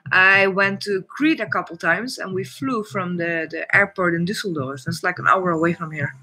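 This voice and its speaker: A man from the Netherlands with a Dutch accent chats casually on his own live stream, blunt and full of opinions, dropping "it's like" into almost every sentence. His voice is high for a man, very bright and forceful, at a normal pace, and the recording is rough.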